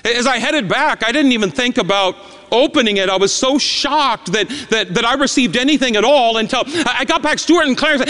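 A man preaching a sermon as an emotional story, stammering repeats and swinging between loud and hushed. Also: very high-pitched, animated, moderate pace. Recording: long reverb in a large hall.

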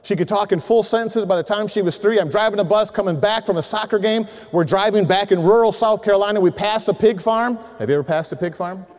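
A middle-aged man preaches to a room of men with a high, lively voice. He tells animated stories and acts out the other people in them. A long reverb trails his voice, as in a big hall. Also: fast, hardly any pauses. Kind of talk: sermon to men.

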